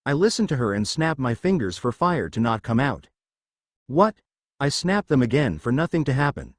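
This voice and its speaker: A man's voice: mid-range voice, big pitch swings, brisk, no room sound, studio quality. A man narrating a first-person fan fiction story and reading every character's lines in his own voice. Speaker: fanfiction narrator.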